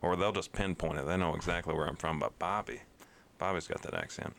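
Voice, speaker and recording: Deep-voiced East Tennessee man. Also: brisk, vocal fry, fairly bright tone. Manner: folksy, drawling, swears casually. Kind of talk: casual chat.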